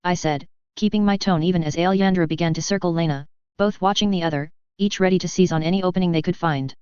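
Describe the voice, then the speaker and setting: A woman narrating a story in the first person with an even, measured delivery, in a dull, dry lo-fi recording. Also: fairly low pitch, clear, resonant tone, dry recording. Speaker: audiobook reader.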